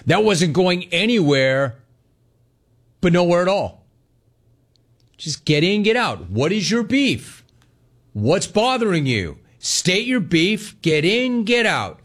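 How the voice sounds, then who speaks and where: Brash radio host taking calls. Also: male voice, sits high, takes it slowly, long pauses. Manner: brash, animated, riffing and repeating punchy words. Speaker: radio talk show host. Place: radio studio.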